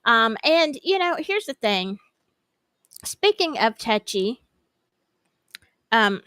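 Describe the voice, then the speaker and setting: A woman's voice: high voice, sing-song, slow, long pauses, fairly bright tone, no room sound. A woman with a Southern accent hosting a casual true-crime livestream, rambling and greeting her viewers by name.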